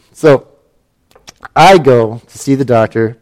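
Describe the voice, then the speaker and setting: A man's voice: mid-range voice, slow pace, a little mellow. A middle-aged man from Alaska telling a personal story in a casual, wry and self-mocking way, with plenty of fillers and restarts.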